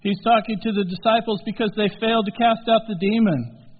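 A man preaching a sermon as pastor, swinging from quiet, low asides to loud, emphatic peaks and stretching key words out slowly. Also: steady tone. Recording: tinny phone-like sound in a reverberant hall.

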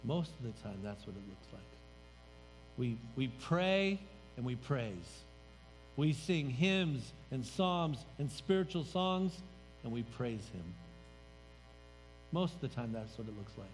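A man's voice: mid-range voice, big pitch swings, slow, long pauses. A man pastor preaching a sermon in a church sanctuary, conversational and emphatic, letting his voice drop at the ends of phrases. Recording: reverberant hall, faint music.

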